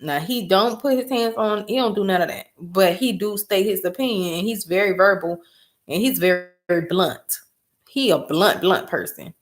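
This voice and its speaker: A mother chatting casually as a host, telling a story in an emphatic, animated way. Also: medium pitch, normal speed. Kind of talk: casual chat.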